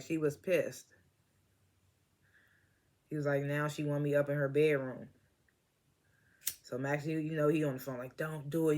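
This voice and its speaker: A man casually recapping a TV episode, laughing often and acting out the characters' lines, and he says he is stoned. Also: a little high. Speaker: TV episode reviewer.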